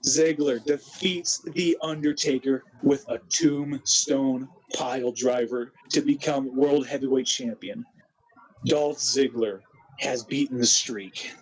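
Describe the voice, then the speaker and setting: Husky man giving excited play-by-play. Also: medium pitch, low-quality recording. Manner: animated, quick, with frequent restarts. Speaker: gamer narrating a wrestling simulation.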